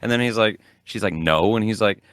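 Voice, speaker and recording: A man's voice: lowish voice, quick pace, no room sound, studio quality. A man co-hosting a podcast, telling stories in a rambling, casual way with lots of fillers. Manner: rambling, animated storytelling with frequent fillers. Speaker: podcast co-host. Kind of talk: casual chat.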